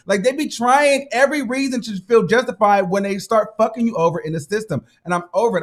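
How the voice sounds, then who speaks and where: A man hosting a casual gossip commentary show, telling stories in an animated, profane, dramatic way. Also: high-pitched, fairly quick, few pauses. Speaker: host.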